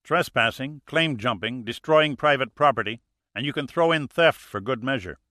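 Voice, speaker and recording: A man's voice: mid-range voice, moderate pace, bright, forceful tone, no room sound, studio quality, close to an everyday voice. A man voicing a cold, indignant male mine owner pressing charges.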